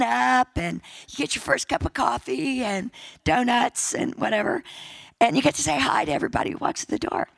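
Gravelly, raspy woman pastor preaching. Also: fairly high pitch, lively intonation, a little fast, dry recording, poor audio. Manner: chatty, jokey, emphatic repetition. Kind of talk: sermon with church announcements and prayer.

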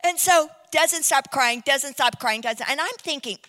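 A woman preacher telling a testimony story as a sermon, animated and laughing, then dropping to hushed tones. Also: sits high, a little slow, long reverb tail.

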